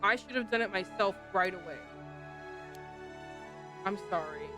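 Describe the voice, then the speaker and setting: A woman voicing a guilt-ridden ghost schoolgirl, speaking softly, low and apologetic. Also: lively intonation, unhurried, music in the background, natural voice. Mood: remorseful.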